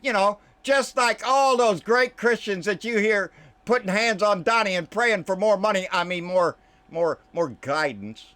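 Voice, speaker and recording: A man hosting a political commentary channel, delivering an angry, profane rant to camera. He keeps calling the listener "baby" and often sinks into low, muttered asides. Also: unhurried, a bit bright.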